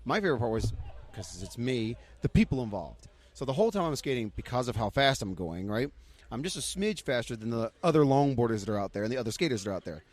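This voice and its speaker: A man, a podcast guest, telling an excitable story and acting out the voices of people he met. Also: mid-range voice, fast. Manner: excitable storyteller, acts out what others said. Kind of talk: casual chat.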